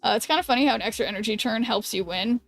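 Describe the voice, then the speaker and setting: A woman streaming a card game, thinking aloud in halting restarts and chatting with her viewers. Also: a little high, vocal fry, no room sound, soft background music. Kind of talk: casual live-stream commentary.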